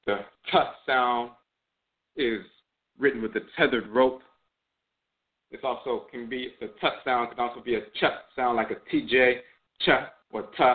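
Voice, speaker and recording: A man giving a measured spiritual lecture, often repeating phrases and trailing off with "and so forth". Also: medium pitch. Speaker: host and spiritual teacher. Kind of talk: spoken lecture on spiritual tradition. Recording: tinny phone-like sound.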